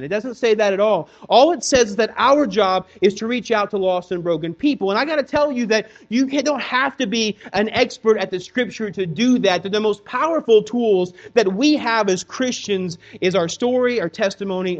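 A man with a notably high voice delivers a sermon in a loose, chatty style. He acts out quick quoted voices of his kids and of doubting churchgoers, then drops back to his own preaching tone. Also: dull audio. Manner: conversational preaching, acts out kids' and congregants' voices. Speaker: pastor.

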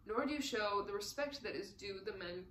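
A woman's voice: medium pitch, lively intonation, a little fast, fairly bright tone, echoey room, a little hiss or hum, lightly acted, poor audio. A woman reading as a stern Soviet prosecutor. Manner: clipped, interrogating. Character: stern male Soviet prosecutor, cold and probing.

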